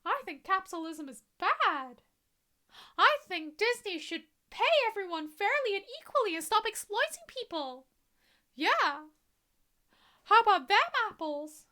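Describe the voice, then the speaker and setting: A woman doing an impression of a squeaky, cheerful male cartoon mouse in a chirpy falsetto. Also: sing-song, unhurried, sharp tone, heavily acted.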